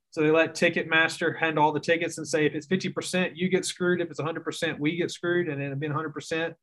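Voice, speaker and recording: Southern-accented young man, slightly high voice. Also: fairly bright tone. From Mississippi. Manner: drawling storyteller, self-mocking. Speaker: guest writer. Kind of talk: casual podcast chat.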